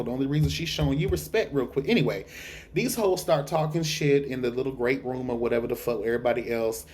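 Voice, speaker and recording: List: man, tired, sassy, profane, gossipy TV reviewer, mid pitch, faint background noise. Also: quick pace, darkish tone. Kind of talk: casual review vlog. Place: dark room at home.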